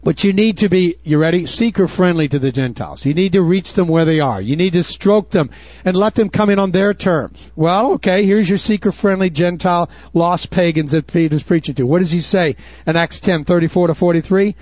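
A man's voice: high-pitched, brisk, a little mellow, no echo. A man preaching a sermon in an emphatic, urgent way, with mocking asides. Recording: dull dry recording.

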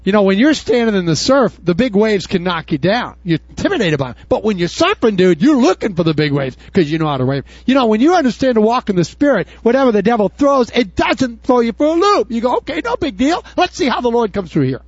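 A man preaching a sermon in a casual, folksy way, swinging from loud high bursts down to low murmurs. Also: sing-song, fast, hardly any pauses, no room sound, dull audio. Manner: casual, folksy, says "dude" and "y'all". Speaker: pastor.

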